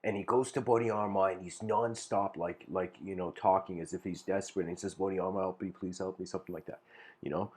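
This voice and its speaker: A man's voice: low voice, steady tone, a little fast, darkish tone. A man giving an informal philosophical lecture, rambling with many fillers and restarts.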